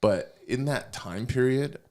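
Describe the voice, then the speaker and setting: A man's voice: mid-range voice, animated, slow, a little mellow. A man hosting a podcast, chatting casually and rambling through his thoughts with many restarts. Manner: rambling, restarts often, laughs easily. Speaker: podcast host. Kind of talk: casual chat.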